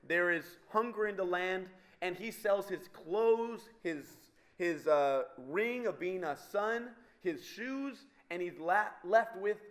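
A man preaching a sermon to a live audience, animated and teasing, swinging between loud and soft. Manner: animated, wide swings in pitch and loudness, teasing the crowd.

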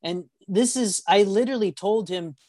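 Guy preaching over a call, lively storyteller, trips on his words a lot, dry close sound. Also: high voice, normal speed, dry recording. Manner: animated storytelling, acts out voices; stumbles and repeats words. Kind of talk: sermon on a video call.

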